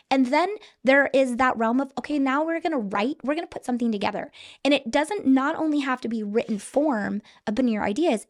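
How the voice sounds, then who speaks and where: A middle-aged woman, a school headmaster, explaining her teaching approach earnestly in a podcast interview. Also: fairly high pitch. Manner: earnest, explanatory, repeats words when restarting.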